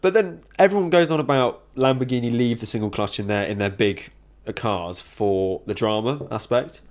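A man's voice: medium pitch, moderate pace. A man co-hosting a casual car podcast, laid-back with dry jokes. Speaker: podcast co-host.

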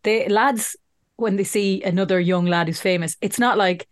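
A woman with an Irish accent hosting a podcast, chatty and quick to laugh. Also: medium pitch. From Ireland. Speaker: podcast host. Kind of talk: casual podcast interview.

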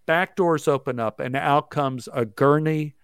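Smooth-voiced man spinning a rapid anecdote. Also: a little high, dry recording, clean studio sound. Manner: rapid, breathless storytelling with acted-out quotes. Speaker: actor, guest telling a story. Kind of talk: animated anecdote telling.

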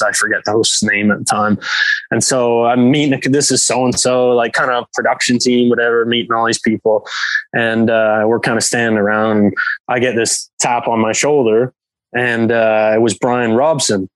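A man's voice: mid-range voice, flat delivery, normal speed, no room sound, low-quality recording. A man from England, a professional hockey player guesting on a podcast, telling a story in a rambling way full of fillers. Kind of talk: casual storytelling.

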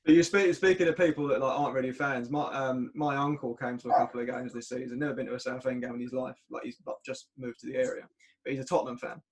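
Young man, podcast host, casual chat, mid-pitched voice, laughs easily. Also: fairly even intonation, fast.

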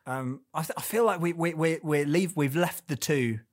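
A man's voice: on the high side, normal speed, dry recording, clean studio sound. A man hosting a casual film discussion, chatty and playful, prone to tangents.

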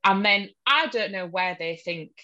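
A woman with a Hull accent in casual chat, blunt and quick to swear, laughing often. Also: medium pitch, expressive, bright, forceful tone, lo-fi sound. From Hull, England.

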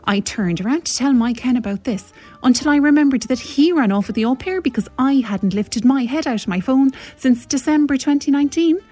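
A woman's voice: high voice, lively intonation, brisk, dark tone, faint music behind. A woman playing a self-pitying posh woman in her early forties, complaining melodramatically. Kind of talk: comic radio letter reading.

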